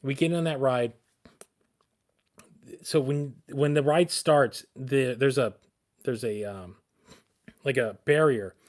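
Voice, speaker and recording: A man co-hosting a podcast, telling a long story with excited, rambling energy and frequent restarts. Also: medium pitch, takes it slowly, pauses often. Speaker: podcast co-host.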